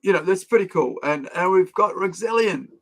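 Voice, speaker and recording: Gravelly, higher-pitched Kiwi stream host. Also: male voice, lively intonation, normal speed, fairly bright tone. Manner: rambling, with many fillers and restarts. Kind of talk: casual chat on a live stream.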